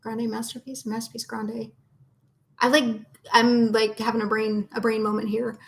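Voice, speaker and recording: A woman's voice: a little high, level tone, normal speed, creaky, poor audio. Woman co-host, casual live show from home, talkative, fixes her words mid-sentence. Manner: chatty, reads out questions, corrects herself. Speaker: co-host answering viewer questions.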